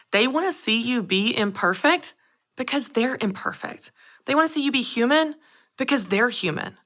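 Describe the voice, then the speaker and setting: Animated woman, thirties, motivational host talking to camera; bright tone. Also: on the high side, brisk. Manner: animated storytelling, addresses the audience directly. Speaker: show host and business coach.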